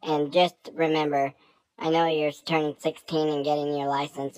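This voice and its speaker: Deep-voiced woman, deadpan comic vlog. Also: normal speed, no echo, rough recording. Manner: deadpan, jokey. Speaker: vlogger. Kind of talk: comic monologue to camera.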